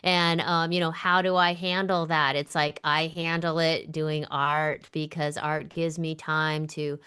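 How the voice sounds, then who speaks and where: Woman guest, smooth clear voice pitched a little low, thoughtful and searching. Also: flat delivery, unhurried, pushed and bright. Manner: thoughtful, with many fillers and restarts. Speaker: guest artist. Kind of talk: casual chat.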